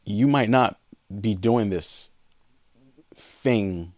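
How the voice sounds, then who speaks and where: A man's voice: on the low side, drawn-out words, darkish tone, no echo, studio quality. A man co-hosting a podcast, candidly telling a personal story in an earnest way and acting out past conversations. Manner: earnest, reenacts past dialogue. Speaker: podcast co-host.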